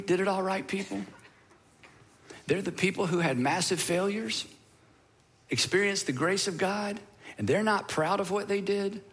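Male pastor, slightly higher voice, earnest sermon delivery with hushed moments. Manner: earnest, swings from animated emphasis to hushed, near-whispered lines. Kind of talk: sermon closing with prayer.

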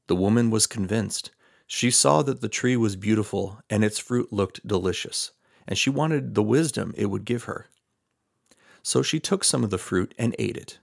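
Deep-ish gravelly guy doing a bible reading, dry close mic. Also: moderate pace, dry recording. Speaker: Bible reader. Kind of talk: scripture reading.

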